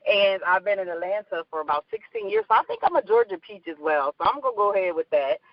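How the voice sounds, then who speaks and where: A woman's voice: mid-range voice, wildly swooping pitch, fast, gravelly, dry recording, muffled recording. A middle-aged woman with a Philadelphia accent, a guest talking in a chatty, bubbly way, laughing often and repeating herself. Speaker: guest, life coach. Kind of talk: casual interview talk.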